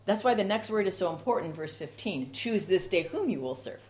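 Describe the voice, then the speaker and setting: A woman's voice: lowish voice, animated, a little fast, darkish tone. A woman preaching a sermon with rhythmic repetition and strong emphasis.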